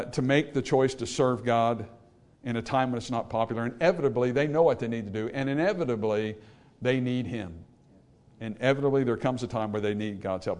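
A male pastor preaching a sermon, swinging from quiet explanation to loud emphatic calls to the congregation. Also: mid-range voice.

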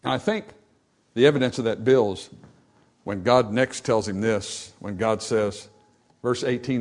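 A man preaching a sermon, animated and acting out the voices in the scripture passage, then dropping to softer, reflective tones. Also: medium pitch, moderate pace. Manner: animated, acts out dialogue from scripture. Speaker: pastor.

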